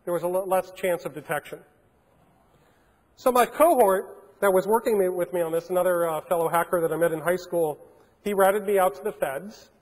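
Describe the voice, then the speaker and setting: A man giving a storytelling keynote talk to a conference, animated, with frequent restarts. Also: high-pitched, brisk. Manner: animated, acts out phone calls in changed voices, frequent restarts. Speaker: keynote speaker. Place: large conference hall. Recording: long hall reverb.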